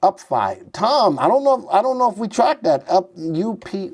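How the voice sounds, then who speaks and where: A man's voice: high voice, sing-song, normal speed, hardly any pauses, darkish tone. A man hosting a stock market show, chatty and thinking aloud as he types in tickers and reads charts live.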